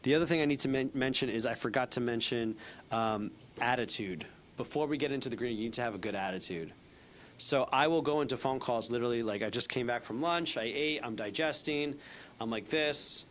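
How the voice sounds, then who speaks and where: A man teaching a sales training session in a casual, animated way, acting out bits of phone calls. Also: medium pitch, a little fast, a little hiss or hum.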